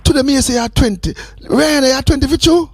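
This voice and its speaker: A radio host with a very high, slightly mellow voice and some vocal fry talks fast. He jokes with and teases his caller in a playful, sing-song way during casual call-in chat, and the recording is dry.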